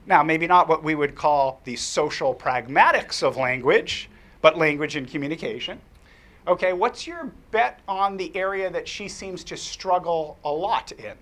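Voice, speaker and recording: Bright-voiced man telling a workshop story. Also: on the high side, moderate pace. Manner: animated, anecdotal, frequent fillers and restarts. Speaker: workshop presenter. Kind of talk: storytelling lecture to an audience.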